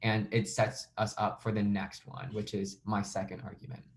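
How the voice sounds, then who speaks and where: A man's voice: fairly low pitch, moderate pace, a little hiss or hum. Man coaching speech delivery, casual and conversational. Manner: relaxed, conversational, uses "like" and "um" often. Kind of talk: instructional walkthrough of a sample speech.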